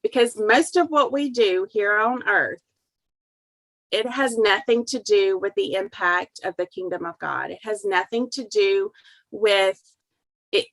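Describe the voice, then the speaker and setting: A middle-aged woman speaks as an interview guest, earnest and heartfelt as she tells a family story. Her voice sits at an ordinary pitch for a woman. The sound is dry and close, with almost no room echo. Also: unhurried.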